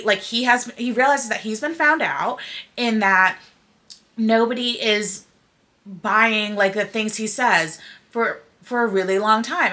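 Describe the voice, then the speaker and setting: Animated young woman host, bright voice. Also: a little high. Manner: animated, opinionated, heavy use of "like". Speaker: podcast host. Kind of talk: casual pop culture chat.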